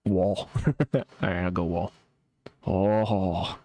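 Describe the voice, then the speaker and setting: A man's voice: sits low, fairly even intonation, drawn-out words, warm tone, no echo. A young man streaming a game live, chatting casually with a sarcastic, laid-back manner and frequent laughs while reacting to chat.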